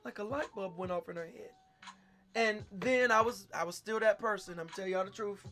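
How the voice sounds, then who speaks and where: A male pastor, telling a story in a sermon, animated and swinging between loud and hushed. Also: high voice, normal speed, faint music behind.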